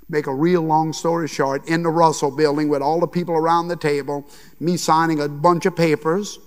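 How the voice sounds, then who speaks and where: An older Cajun man tells a story on stage with folksy flair, acting out each bit of dialogue. His voice sits a little high and turns gravelly, and a long hall reverb trails behind it. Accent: Cajun Louisiana. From Louisiana, USA. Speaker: chef giving a conference talk. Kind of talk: storytelling keynote speech. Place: large conference hall.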